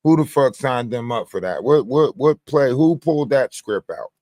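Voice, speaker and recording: Male livestream host, average pitch, dry close sound, profane and animated delivery. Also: normal speed, no echo. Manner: profane, animated storytelling with mimicked quotes. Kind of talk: casual livestream commentary.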